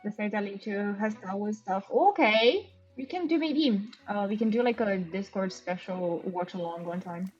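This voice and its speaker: A woman's voice: medium pitch, flat delivery, moderate pace, hardly any pauses, a little mellow. A woman from Romania, chatting casually on a live stream as she plays, thinking aloud with gasps of delight. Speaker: game streamer. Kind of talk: casual live-stream chat while playing. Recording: dull lo-fi stream audio with faint music.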